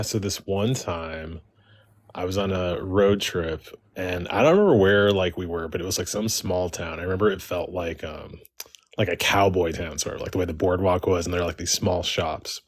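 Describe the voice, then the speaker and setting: Deep-voiced man rambling through a story. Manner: rambling, many "like" fillers. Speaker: caller. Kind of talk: casual storytelling.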